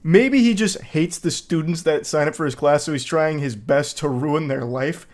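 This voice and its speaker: A man's voice: a little high, moderate pace, darkish tone. A man hosting a reaction commentary, sarcastic and mocking. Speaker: commentary host.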